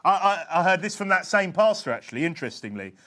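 A man preaching a sermon, dropping to quiet asides and then shouting scripture. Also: high voice, big pitch swings, fast talker. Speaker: pastor.

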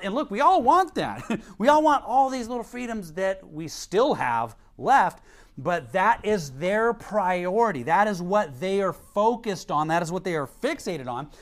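A man's voice: high voice, very animated, unhurried. A man preaching a sermon in a conversational way, slipping into a casual story and laughing as he tells it. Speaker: pastor. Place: Idaho.

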